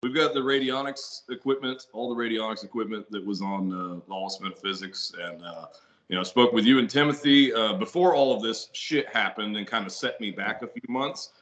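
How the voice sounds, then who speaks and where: A middle-aged man with a lowish voice chats loosely as a podcast guest. He rambles, restarts his sentences and swears freely, heard over a video call. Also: brisk, a bit bright, low-quality recording. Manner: rambling, profane, many fillers and restarts. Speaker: guest, ritual seller. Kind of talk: casual podcast conversation.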